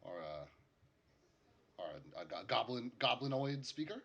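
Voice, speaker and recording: A man voicing an easygoing male logging camp boss in a tabletop game, speaking haltingly with many fillers. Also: medium pitch, sing-song, a bit bright, lo-fi sound, exaggerated voice. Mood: matter-of-fact.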